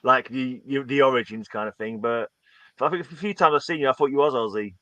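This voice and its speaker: A man in a casual chat, teasing and quick with a laugh. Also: mid-range voice, bright, forceful tone, no room sound.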